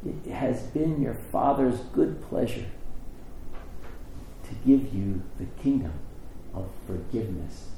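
Animated male preacher in an echoey room. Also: slow pace, vocal fry, long pauses, a little hiss or hum. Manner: animated storytelling, acting out quotes with rising pitch. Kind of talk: sermon with storytelling. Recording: echoey room with faint ambience.

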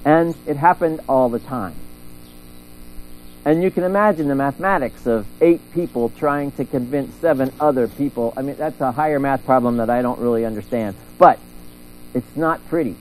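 A middle-aged man preaching a sermon in a church, telling a story with lively acted-out voices. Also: medium pitch, normal speed, a little hiss or hum, low-quality recording. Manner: animated storytelling, acting out voices.

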